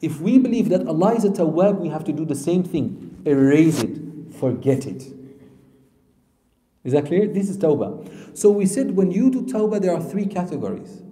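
Dark-voiced male preacher in an echoing hall. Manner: swings between loud emphatic lines and soft low asides; poses questions to the audience and answers them. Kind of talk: sermon. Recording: echoey hall with long reverb.

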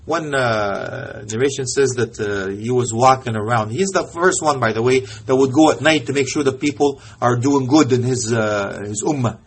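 A male preacher tells a story in his sermon with passion, often falling to a hush and weaving in Arabic phrases. His husky, mid-range voice moves at normal speed with few pauses.

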